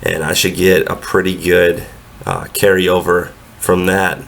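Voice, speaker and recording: Over footage of his own training, a young powerlifter vlogger narrates in a relaxed, matter-of-fact tone. His deep, creaky, slightly bright voice stays flat and level at a measured pace, and a cold makes him sound congested.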